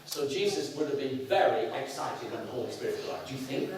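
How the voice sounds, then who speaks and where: A middle-aged man from the north of England with a Northern English accent, preaching an animated, playful sermon to a congregation. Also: medium pitch, fast, slight background noise. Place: church hall. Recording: very echoey hall, picked up from a distance.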